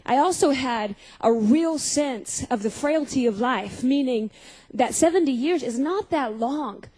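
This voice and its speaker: High, mellow-voiced woman preaching. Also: lively intonation, a little slow, poor audio. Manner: storytelling, questioning the audience, acting out scenes. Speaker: speaker at a Christian youth gathering. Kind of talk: personal testimony sermon.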